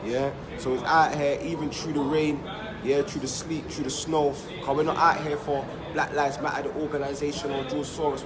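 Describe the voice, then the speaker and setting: A man speaks emphatically outdoors at a street protest, over loud crowd noise. His voice sits slightly high, and he lists names with a chant-like rhythm. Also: flat delivery, moderate pace.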